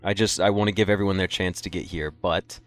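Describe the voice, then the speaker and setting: A man's voice: low voice, fairly even intonation, fast talker. A tired young man streaming a game, chatting loosely with his viewers and yawning, rambling with many fillers. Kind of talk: casual live-stream chat with viewers.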